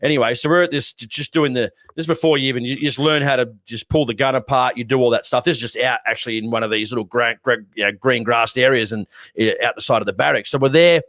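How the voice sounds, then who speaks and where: An Australian man co-hosting a podcast tells a rambling, lively story in a relaxed chat. His voice sits at a middle pitch. The sound is dry and close. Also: fast talker, few pauses, no room sound. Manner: rambling, animated storyteller who acts out shouting. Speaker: podcast co-host.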